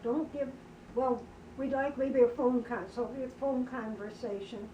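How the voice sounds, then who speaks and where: Higher-voiced woman recalling, distant and echoey. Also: steady tone, moderate pace, darkish tone. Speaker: mother telling of her daughter. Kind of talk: casual conversation. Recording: roomy, distant, faint background noise.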